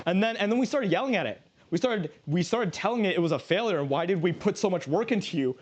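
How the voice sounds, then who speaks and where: A man's voice: high voice, expressive, fast, slight background noise. Rambling, joking male streamer. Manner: rambling, joking, many restarts. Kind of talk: casual livestream cooking chat.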